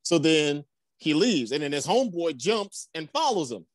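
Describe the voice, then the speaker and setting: A man co-hosting a family podcast, telling a long joke as an animated storyteller who laughs often. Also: on the high side, normal speed, no room sound. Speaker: podcast co-host. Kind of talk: casual chat and joke telling.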